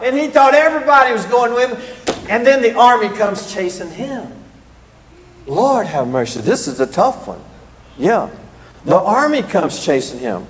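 Male preacher, high voice, animated sermon delivery, echoey hall with long reverb. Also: normal speed. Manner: animated, rising to emphatic peaks on scripture.

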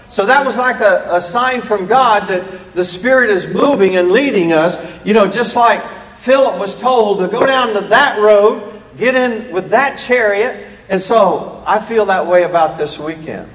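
A man's voice: sits high, measured pace, fairly bright tone, long reverb tail, poor audio. An older man from the American South with a Southern drawl, giving a guest preacher's rambling, folksy opening remarks in a church. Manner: rambling, folksy, self-deprecating. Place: church hall.

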